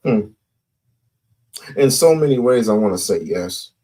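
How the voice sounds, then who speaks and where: A man's voice: fairly low pitch, very animated, warm tone. A man hosting casual commentary, talking emphatically and repeating his points. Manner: slow, emphatic, repeats himself.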